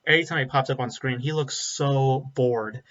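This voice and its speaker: A man's voice: mid-range voice, steady tone, moderate pace, fairly bright tone. A man giving a casual spoken film review, blunt and rambling, with frequent ums and restarts. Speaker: movie reviewer. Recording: slightly dull lo-fi audio.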